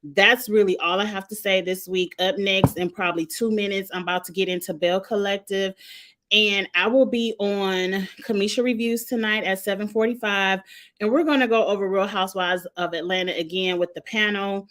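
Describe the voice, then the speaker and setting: A woman's voice: medium pitch, moderate pace. Sassy woman ranting about a show. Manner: animated, sassy, exasperated commentary. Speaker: reality TV reviewer. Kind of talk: casual recap rant.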